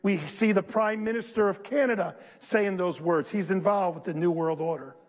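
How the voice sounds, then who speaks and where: Emphatic high-voiced preacher in a reverberant church. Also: male voice. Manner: emphatic call-and-response preaching, leading the congregation in repeating lines; slows and stresses key phrases, rising to shouts. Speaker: pastor. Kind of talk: sermon.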